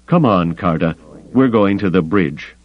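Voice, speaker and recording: A man's voice: deep voice, expressive, measured pace, lo-fi sound, voice pushed up. A man voicing a cornered male traitor, blustering and menacing, in a raised, tense voice. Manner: tense, snarling.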